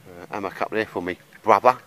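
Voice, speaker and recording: A man's voice: lowish voice, fairly quick, a bit bright, low-quality recording. A man chatting casually in a rambling way with lots of fillers while he shows his camp gear outdoors in the woods. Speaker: bushcraft vlogger.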